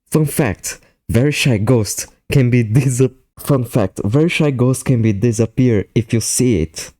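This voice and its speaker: A young man commentating a horror fan game, laughing often, swearing and reacting excitedly between explanations. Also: mid-range voice, unhurried, no echo, clean studio sound. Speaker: gaming YouTuber. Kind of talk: game commentary mixing live play and scripted explanation.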